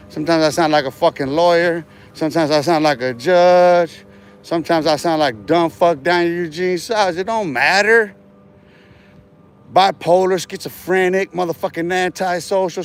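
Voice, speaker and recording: Brief: male livestreamer, fairly high voice, loose swearing ramble, boastful, laughs a lot, restarts phrases. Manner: profane, boastful, laughs between remarks; trails off and restarts words often. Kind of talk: rambling casual livestream talk.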